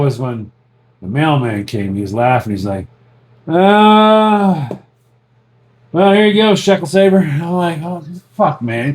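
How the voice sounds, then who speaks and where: Lively profane man telling stories. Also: high voice. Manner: profane, laughing, mimics others in quotes. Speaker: podcast host. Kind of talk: crude casual storytelling.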